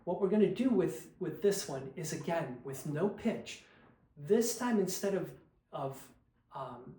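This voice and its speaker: A man teaching a choral diction lesson, demonstrating consonant and sung syllable drills in a patient, unhurried way. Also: a little high, animated, warm tone, roomy sound, poor audio. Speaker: vocal coach.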